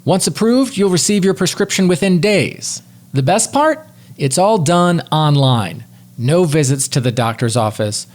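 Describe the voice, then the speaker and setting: Casting: fairly high-voiced man, upbeat podcast ad read. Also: a little mellow. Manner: upbeat ad reading. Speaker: podcast co-host. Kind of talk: read sponsor ad.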